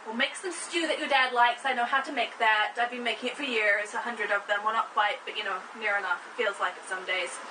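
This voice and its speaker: A woman voicing a bossy, scheming mother who speaks in a brisk, insistent way. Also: fairly high pitch, steady tone, distant mic, background noise, close to an everyday voice. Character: bossy, scheming mother, sure she knows best.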